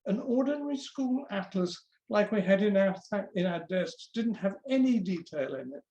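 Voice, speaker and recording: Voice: mid-range voice, expressive, normal speed, dark tone, muffled recording, a little hiss or hum. Memoir reader in an echoey room. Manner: conversational storytelling with quoted voices. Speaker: guest reader at book launch. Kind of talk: memoir reading aloud.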